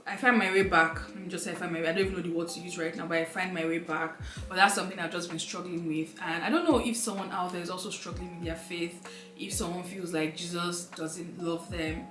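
Low-voiced young woman vlogging heartfelt. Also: fairly even intonation, fast, a bit bright, echoey room, soft background music. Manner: rambling, filler-heavy, heartfelt. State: emotional, near tears. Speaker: lifestyle vlogger. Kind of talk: emotional sit-down life update.

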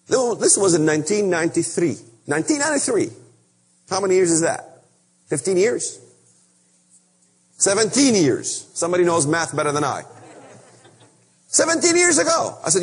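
Man preaching, husky voice, high and lively pitch, echoey hall. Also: moderate pace, long pauses. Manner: emphatic, repetitive, animated. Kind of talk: impassioned sermon.

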